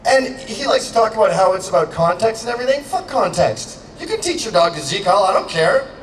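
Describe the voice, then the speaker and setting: A man from Canada giving a crude, joking outdoor rally speech, shouting to a crowd. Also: high-pitched, expressive, quick pace. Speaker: public speaker. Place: outdoor public gathering. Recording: echoey and distant, faint background noise.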